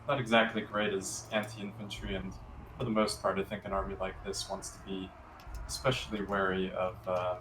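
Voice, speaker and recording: Monotone male game caster, echoey room. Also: deep voice, normal speed. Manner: monotone, even delivery. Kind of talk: esports game commentary. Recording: echoey room, faint background noise.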